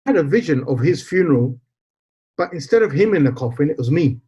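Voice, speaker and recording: His voice on the high side, mellow and slightly rough, a man in his forties tells a personal story quickly and expressively as a podcast guest. He performs the quoted dialogue and sprinkles in Punjabi phrases, heard through slightly dull lo-fi podcast sound.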